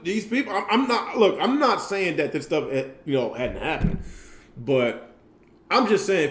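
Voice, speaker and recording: A man co-hosting a casual podcast, rambling through loose, profane stories. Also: a little high. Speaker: podcast co-host. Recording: roomy echoey mic.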